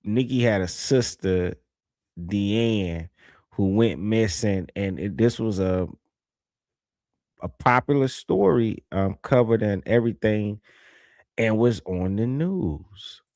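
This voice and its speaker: A man's voice: lowish voice, takes it slowly, darkish tone, dry recording, clean studio sound. A man hosting a livestream, telling a story in a laid-back, rambling way and reading viewer comments aloud. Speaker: livestream host. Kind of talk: casual livestream chat.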